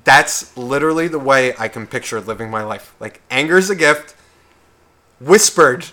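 A young man co-hosting a podcast, ranting in a profane, heated way, swinging between loud outbursts and whispers. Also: mid-range voice, lively intonation, moderate pace. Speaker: podcast co-host. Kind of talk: casual podcast rant.

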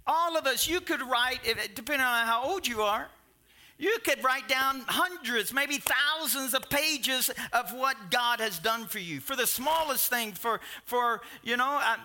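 A man in his sixties preaching a sermon, telling stories in a rambling, animated way with asides and restarts. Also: very high voice, unhurried. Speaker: pastor. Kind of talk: sermon storytelling.

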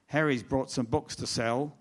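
A man's voice: mid-range voice, fairly even intonation, moderate pace. A middle-aged man, an author speaking to an audience in a lecture room, telling wry, self-deprecating stories with quoted dialogue. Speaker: author giving a talk. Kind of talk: storytelling presentation.

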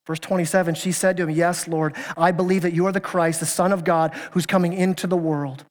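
With a high-sitting voice, fairly even intonation and a slightly fast pace, a man preaches earnestly as pastor. He pushes question after question at his congregation, sometimes stumbling into restarts, while the church hall adds long reverb.

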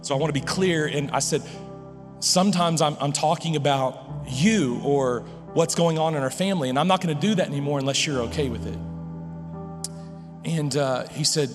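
A man's voice: a little high, normal speed, in a large hall, music in the background. A middle-aged man preaching a sermon, telling a family story with frequent restarts and quoted dialogue. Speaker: pastor.

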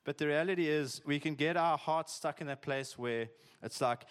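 A man's voice: on the high side, normal speed, hardly any pauses, smooth. A man preaching a sermon in a conversational, jokey way, peppered with "like" and "eh". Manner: conversational, chatty, uses "eh" and "like", jokey asides. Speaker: pastor.

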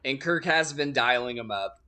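Bright-voiced young man, profane and wry. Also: medium pitch, animated, normal speed, smooth. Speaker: podcast co-host making picks. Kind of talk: casual sports chat.

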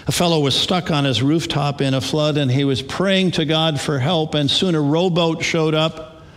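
A man's voice: on the high side, fairly even intonation, moderate pace. Male pastor preaching in a reverberant hall. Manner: conversational storytelling with small restarts. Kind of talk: sermon. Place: church sanctuary. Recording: long reverb of a large hall.

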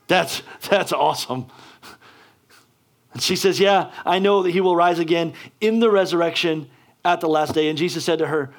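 A man's voice: on the high side, normal speed, long pauses. A man preaching a sermon, talking casually with many restarts and building to fervent, emphatic delivery. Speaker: pastor.

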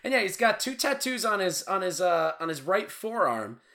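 A man's voice: sits high, very animated, normal speed, bright, forceful tone. A man hosting a film podcast, talking casually with a joking, rambling manner. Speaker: podcast host. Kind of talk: casual chat.

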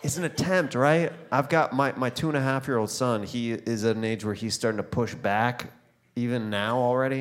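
A man's voice: mid-range voice, moderate pace. Man riffing at a comedy club. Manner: riffing with the crowd, dropping to hushed pleading asides. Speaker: stand-up comedian. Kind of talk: stand-up crowd work.

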